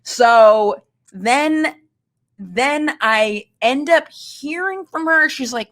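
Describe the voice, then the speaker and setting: A woman's voice: high voice, animated, very slow, fairly bright tone. A woman guest telling a candid, self-mocking dating story in a rambling way, full of filler words. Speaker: guest comedian.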